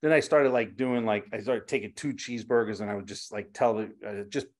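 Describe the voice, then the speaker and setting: A man's voice: fairly low pitch, brisk. A middle-aged man, a chef and restaurateur, telling stories in a casual interview and acting out the dialogue as he goes. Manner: animated, acts out quoted dialogue, swears casually.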